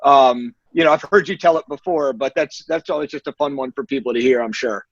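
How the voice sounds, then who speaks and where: A man hosting a podcast, asking a guest questions in a relaxed conversational way. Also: mid-range voice, brisk, dry recording. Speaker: podcast host. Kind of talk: casual interview questions. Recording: dry, muffled lo-fi podcast audio.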